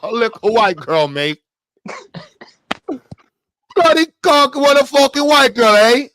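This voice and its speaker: A man voicing a crude, loud, cursing male bloke caricature in a mocking way. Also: extremely high pitch, big pitch swings, slow pace, slight background noise, voice pushed up, exaggerated voice. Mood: rowdy mocking.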